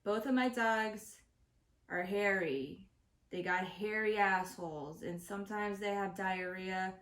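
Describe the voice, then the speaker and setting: A woman's voice: medium pitch, unhurried, fairly bright tone. A woman hosting her own show, delivering an exasperated, profane comedic rant to the camera. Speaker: host. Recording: roomy echo.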